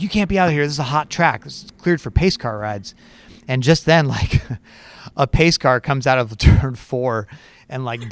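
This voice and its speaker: A man co-hosts a podcast and spins a casual story, chatty and animated, with many fillers along the way. His voice is smooth and clear, sitting in a middle pitch. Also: no echo. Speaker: podcast co-host.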